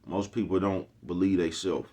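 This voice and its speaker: A man in his forties who hosts on YouTube gives a casual motivational monologue packed with streetwise slang and repeated catchphrases. His voice is low and warm, with a steady tone and normal speed.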